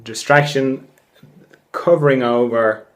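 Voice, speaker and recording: A man, a therapist hosting a podcast, telling a story in a relaxed monologue, laughing often and swearing casually. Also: medium pitch, slow pace. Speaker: podcast host; craniosacral therapist.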